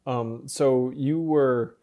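A man interviewing a guest, asking curious questions in a measured, casual way. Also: medium pitch, steady tone, mellow.

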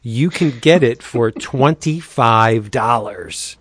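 A man hosting a casual comics podcast, reading deals in a playful pitchman manner. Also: expressive, slow, fairly bright tone, slightly rough, no echo, studio quality. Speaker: podcast host. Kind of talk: casual podcast chat with ad reads.

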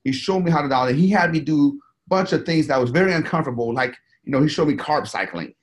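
A man rattles through his stories at a quick clip, in a voice pitched a little high for a man. He rambles and swears, and keeps restarting his sentences with fillers as an interview guest. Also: lively intonation. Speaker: interview guest, business owner and bodybuilder. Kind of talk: casual storytelling interview.

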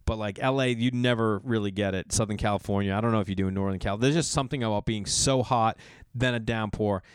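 A middle-aged man from the US Northeast hosting a podcast. He tells a long personal story in a rambling, animated way, with lots of restarts and quick jumps into other people's voices. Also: lowish voice, clear, resonant tone, dry recording, clean studio sound. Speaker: podcast host. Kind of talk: storytelling monologue.

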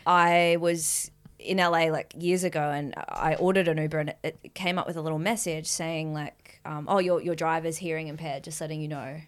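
A woman's voice: low voice, moderate pace. A woman co-hosting a podcast, chatting casually and telling stories, acting out other people's lines and laughing often. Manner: animated storyteller, acts out quotes, laughs often. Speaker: podcast co-host. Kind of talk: casual chat.

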